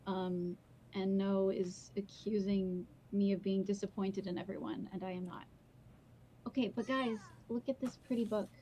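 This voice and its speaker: A woman's voice: medium pitch, steady tone, normal speed, warm tone, a little hiss or hum. A young woman streaming live, chatting casually and laughing as she answers her viewers' comments. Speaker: streamer and book reader. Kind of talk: casual livestream chat.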